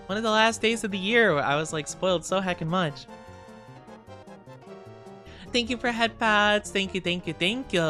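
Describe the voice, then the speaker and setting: This young woman, a VTuber, streams and banters with her live audience in a playful, bubbly, slightly sleepy way, thanking people and teasing back quickly. Her voice is on the low side with a fairly bright tone.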